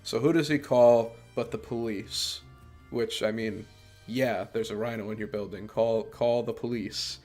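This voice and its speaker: A man's voice: on the low side, fairly even intonation, measured pace, darkish tone, soft background music. A man hosting a podcast, giving a casual, sarcastic and exasperated review of a movie.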